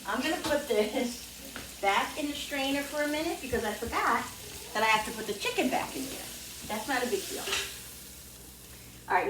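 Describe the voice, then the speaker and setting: A woman hosting a home cooking video, talking in a rambling, chatty way with frequent self-corrections as she cooks. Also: fairly high pitch. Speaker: home cooking channel host. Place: home kitchen with sizzling pan. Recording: echoey kitchen, distant mic, frying noise.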